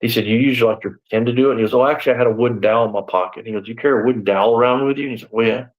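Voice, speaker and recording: Speaking rapid-fire in a steady, mid-range voice, a man in his sixties who was once a deputy recounts his story in a live interview, with dull audio. He drifts a bit, peppers his talk with "you know" and "man," and plays out the exchanges of the people he quotes.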